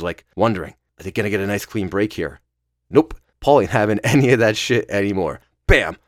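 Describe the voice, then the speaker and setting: A man with a low voice that rises and falls a lot as he gives a casual, laughing, swear-filled recap of a match. He records close to the mic in a dry, dead room. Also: dry recording. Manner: profane, playful play-by-play with laughs. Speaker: podcast host.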